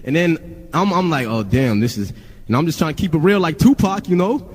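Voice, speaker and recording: A man's voice: high voice, fairly quick, breathy edge. A male rapper telling a story in a casual, rambling, profane way, full of "you know". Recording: long reverb.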